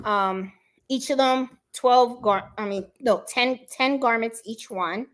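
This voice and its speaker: A woman from Puerto Rico hosts a relaxed craft livestream, her voice sitting a little on the high side. She chats loosely with her viewers, greets them one by one by name, and fills the gaps with easy ums and let's-sees. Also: slow pace. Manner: chatty, greets viewers by name, lots of fillers. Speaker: craft channel host. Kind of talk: casual livestream chat, reading viewer comments.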